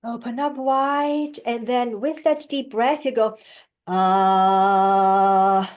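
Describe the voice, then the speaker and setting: Speaking slowly and with encouragement, a woman voice coach demonstrates breathing and tones to an online class via video call. Her voice sits high with a darkish tone.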